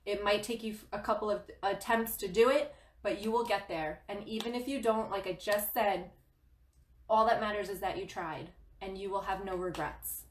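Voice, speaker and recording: A woman's voice: medium pitch, fairly even intonation, normal speed, echoey room, slight background noise. A woman hosting a spiritual guidance livestream, giving an emphatic motivational talk. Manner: passionate, emphatic, laughs often.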